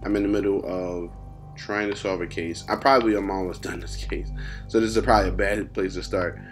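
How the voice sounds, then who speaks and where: A relaxed man chats over his gameplay in a slangy, rambling, playful way. His voice sits a little low. Game music plays clearly behind him through the whole recording. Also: fairly quick. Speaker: gaming YouTuber. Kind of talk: casual gameplay commentary.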